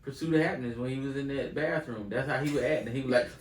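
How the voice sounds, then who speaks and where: A man co-hosting a casual podcast chat who tells stories in a loud, animated way and laughs often. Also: mid-range voice, very fast. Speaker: podcast co-host. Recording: roomy, distant mic, faint noise.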